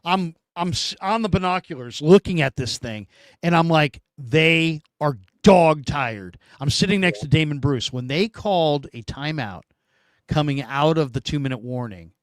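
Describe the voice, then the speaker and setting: A man talking sports in a casual, animated way, leaning hard on his points. His voice sits a little high for a man and sounds dry and close, with no room around it. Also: moderate pace, no echo. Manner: animated, emphatic storytelling. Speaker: sports show host.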